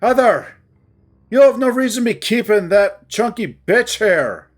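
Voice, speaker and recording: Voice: mid-range voice, expressive, unhurried, voice pushed up. A narrator voicing a young male bat, angry and wounded, hissing out curses. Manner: hissing, swearing outbursts.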